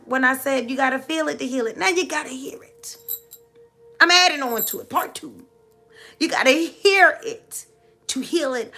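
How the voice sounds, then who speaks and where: A woman's voice: sits high, vocal fry, bright, forceful tone. A middle-aged woman giving a heartfelt motivational talk to live viewers, with emphatic, preacher-like repetition. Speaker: motivational speaker.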